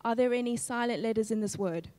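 A woman teaching a live-streamed phonics lesson, slowly segmenting each sound in a word and prompting the class to join in. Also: on the high side, a little mellow, big-room sound. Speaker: literacy teacher.

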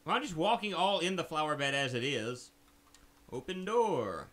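Lively, bright-voiced young man gaming. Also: fairly high pitch, moderate pace. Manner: reads game text aloud, sarcastic jokes. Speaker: let's play gamer. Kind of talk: casual gameplay commentary.

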